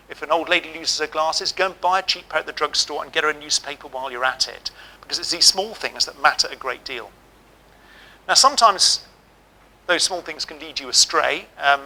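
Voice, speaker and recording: A middle-aged man giving a keynote speech, telling lively, humorous stories. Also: a little high, low-quality recording. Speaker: keynote speaker. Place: auditorium.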